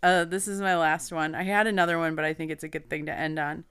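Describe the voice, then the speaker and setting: A woman's voice: sits low, level tone, quick pace, a bit bright, smooth. A woman co-hosting a podcast, easygoing and chatting casually. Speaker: podcast co-host. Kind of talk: casual chat.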